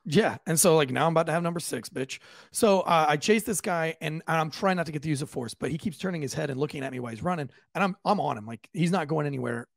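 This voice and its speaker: Gravelly, profane police officer spinning a yarn. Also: male voice, on the high side, fast, few pauses, no echo. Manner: profane, lively, acts out quoted voices. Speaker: police officer telling a story on a podcast. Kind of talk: casual storytelling.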